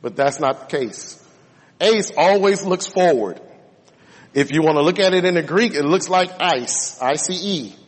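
Male preacher, sermon delivery, high, husky, emphatic stresses, reverberant hall. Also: lively intonation. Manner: emphatic, drawn-out stresses on key words.

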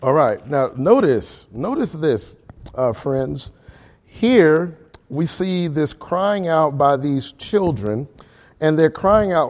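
A man's voice: a little high, lively intonation, unhurried, darkish tone. Man leading a Bible study, questioning the group. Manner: questions the group and checks in often; repeats words for emphasis.

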